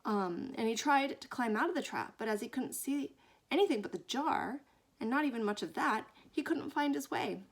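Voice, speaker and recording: A woman reading a children's book aloud, expressive and fond, often dropping into hushed whispers. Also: a little high, normal speed. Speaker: storyteller.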